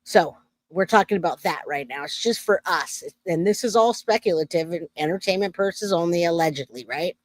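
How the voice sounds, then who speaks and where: Low-voiced woman hosting a chatty livestream. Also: brisk, no room sound. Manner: chatty, reads viewer comments aloud. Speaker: true crime livestream host. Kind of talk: casual livestream commentary.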